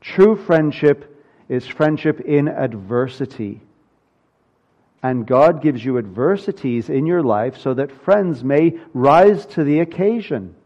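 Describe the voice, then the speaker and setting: A man's voice: fairly high pitch, expressive, takes it slowly, a little mellow. Earnest male preacher, muffled recording. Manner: earnest preaching, rising to emphatic peaks. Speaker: pastor. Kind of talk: sermon.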